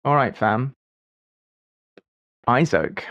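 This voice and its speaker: A gravelly-voiced man in his forties chats slowly and unhurriedly on a livestream, his pitch rising and falling a lot as he thinks out loud. He is wry and self-deprecating. The recording is dry and a little muffled, like a lo-fi mic. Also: expressive, dry recording. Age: 40s. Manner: muses aloud while solving puzzles. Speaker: streamer. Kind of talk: casual livestream chat.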